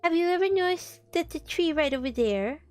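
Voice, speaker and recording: A woman's voice: very high voice, animated, a little fast, faint music behind, voice pushed up. A woman doing a simple good-natured teddy bear. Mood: innocent.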